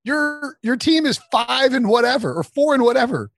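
A man guesting on a sports podcast, chatting casually and laughing often, with quick asides. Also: very high-pitched, lively intonation, gravelly.

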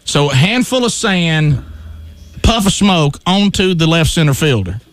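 A man hosting a talk radio show, telling an animated story and acting out his own shouts. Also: fairly high pitch, measured pace.

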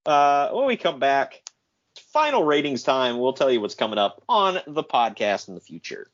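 Man, podcast co-host, casual sarcastic recap, laughs often, lively pitch, muffled lo-fi sound. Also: normal speed. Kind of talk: casual wrestling recap commentary. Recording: dull lo-fi podcast audio.

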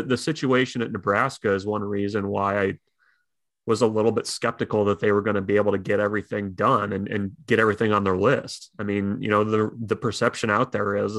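Bright, dry-voiced man talking college football. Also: fairly low pitch, no room sound. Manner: chatty, laughs easily, many restarts. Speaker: sports talk co-host. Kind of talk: casual sports chat.

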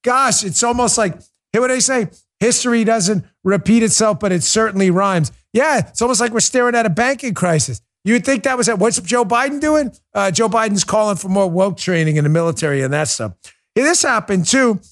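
Male political talk host with a fairly high voice. Sarcastic, mocking monologue with big swings in tone. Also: lively intonation, brisk. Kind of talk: opinionated monologue.

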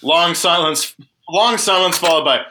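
A man's voice: fairly high pitch, a little slow, background noise. A man hosting a podcast, telling a story casually with lots of swearing and jokes at his own expense. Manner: profane, lively and self-mocking. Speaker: podcast host.

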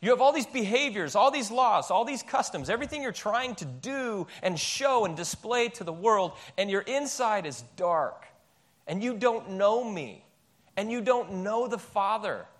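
A male pastor preaching a sermon in a church, emphatic and animated, firing off rhetorical questions. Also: high voice, a little slow.

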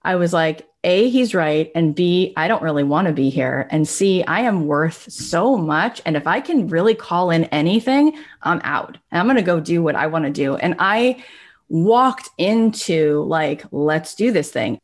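A woman's voice: fairly low pitch, moderate pace, hardly any pauses. A young adult woman telling a personal story in a casual, chatty way, with lots of filler words. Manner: chatty, frequent "like" fillers, animated retelling. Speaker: guest.

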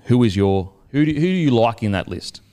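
A man co-hosting a crude comedic sports podcast, presenting awards and reading nominees out slowly. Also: mid-range voice, very animated, mellow. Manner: slow, announcer-like when reading nominees.

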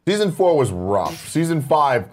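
A man's voice: fairly high pitch, sing-song, unhurried. A man co-hosting a casual morning show, talking bluntly and with strong opinions, swearing casually. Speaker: co-host. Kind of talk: casual chat.

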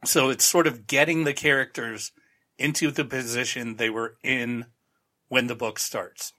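A man's voice: mid-range voice, steady tone, measured pace, sharp tone. A male podcast host giving a rambling, sarcastic, casual recap of a TV show.

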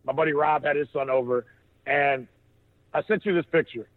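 A man shares a loose story on a podcast, his talk full of restarts and easy laughter. His voice sits a bit high. He comes through a thin, tinny phone line. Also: moderate pace. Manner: rambling, with many restarts and laughter. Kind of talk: casual storytelling chat.

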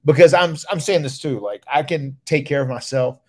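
A man, casually telling stories on his podcast and getting loud when he acts out other people. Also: on the high side, normal speed. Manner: animated storyteller, loud when acting out others. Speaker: podcast host, retired wrestler. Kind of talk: casual storytelling.

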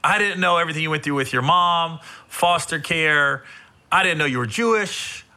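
A man hosting a casual interview, telling stories in an animated way and laughing often. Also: fairly high pitch, normal speed. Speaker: podcast host.

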